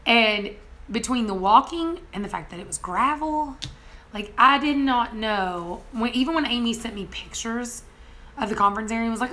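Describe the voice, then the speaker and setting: Lively woman telling a story. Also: a little high, a little slow, slight background noise. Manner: animated, laughs often, acts out quotes. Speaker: homestead vlogger. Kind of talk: casual storytelling vlog.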